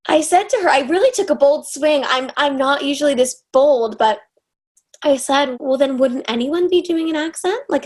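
A woman's voice: high-pitched, poor audio. A woman in her twenties from Los Angeles, an actress telling an interviewer an earnest, effusive story and often restarting her sentences. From Los Angeles, USA. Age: 20s.

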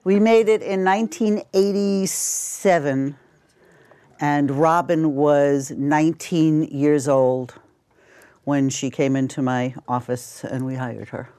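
A woman's voice: low-pitched, steady tone, slow, warm tone, smooth. An older woman, a casting director, chatting through anecdotes in an interview and acting out bits of dialogue. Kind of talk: interview storytelling.

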